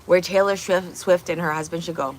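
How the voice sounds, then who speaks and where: A woman with a fairly low voice and fairly even intonation livestreams casually from her home kitchen, speaking a little fast over slight background noise. She's blunt, opinionated, and swears as she fires off rhetorical questions.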